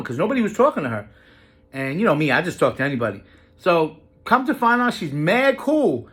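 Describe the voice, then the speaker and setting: A man casually telling a personal story to camera in an animated, profane way. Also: fast. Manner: animated, profane, jumps pitch for emphasis.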